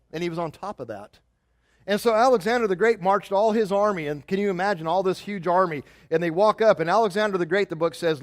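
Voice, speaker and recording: A man preaching a sermon, telling a story in an animated way, swinging between loud and soft. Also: a little high, no room sound, clean studio sound. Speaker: pastor.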